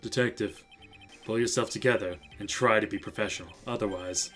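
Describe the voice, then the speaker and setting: A man's voice: on the low side, brisk, a bit bright, soft background music, natural voice. A man voicing a stern older male judge in a game, putting on a wobbly Canadian accent and ending his lines with "eh". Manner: gruff, blustering, tacks "eh" onto his lines. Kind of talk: reading a game aloud on a live stream.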